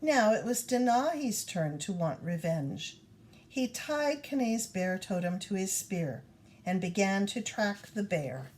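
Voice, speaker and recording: A woman reading a children's storybook aloud in an expressive storytelling manner. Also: mid-range voice, measured pace. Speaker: reader.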